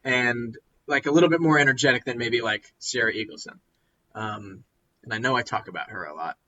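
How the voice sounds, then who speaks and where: A young man with a bright, sharp-edged voice rambles through a casual chat, stopping and restarting his thoughts. He sounds worn out. The recording is muffled and lo-fi. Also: mid-range voice, brisk, a little hiss or hum. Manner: rambling, self-interrupting. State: tired. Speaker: podcast co-host. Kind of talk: casual chat about music.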